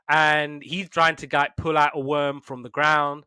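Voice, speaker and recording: A man hosting a podcast in casual chat, retelling cartoons with lively put-on voices. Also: on the high side, brisk, hardly any pauses, smooth, dry recording, clean studio sound. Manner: animated storytelling with put-on voices. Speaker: podcast host.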